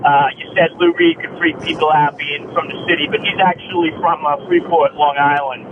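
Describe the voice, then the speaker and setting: A man's voice: fairly high pitch, steady tone, fairly quick. A man calling in to a radio show with a hesitant correction, full of uhs. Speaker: caller. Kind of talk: phone-in correction. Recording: tinny phone line with wind noise.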